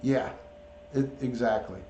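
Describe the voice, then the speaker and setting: A man's voice: medium pitch, fairly even intonation, unhurried, mellow, a little hiss or hum. A man hosting a casual livestream, coaxing his pet in baby talk and greeting viewers by name, picked up by a device mic rather than a clip-on. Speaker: livestream host. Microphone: camera or device mic, not clipped on. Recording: roomy, dull lo-fi stream audio.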